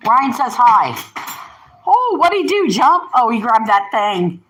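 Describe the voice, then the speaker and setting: A woman's voice: fairly high pitch, big pitch swings, slow, a bit bright, slight background noise, rough recording. An older woman hosting a casual live stream, rambling and chatty, often breaking off to talk to her pets and family. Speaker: livestream host.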